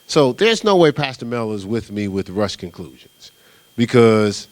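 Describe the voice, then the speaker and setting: A middle-aged New Jersey pastor delivers a sermon in a lowish voice at a measured pace, recorded dry. His storytelling is animated yet casual and conversational, and he keeps asking "right?"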